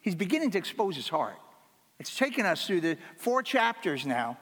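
A pastor giving a sermon, earnest and emphatic, repeating key phrases for weight. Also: male voice, high voice, very animated, normal speed, fairly bright tone, big-room sound.

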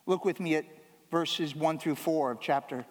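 A man with a notably high voice delivers a sermon from the pulpit. He speaks earnestly and repeats his key lines for emphasis. His voice carries a long reverb, as if filling a large church hall. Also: normal speed. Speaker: pastor.

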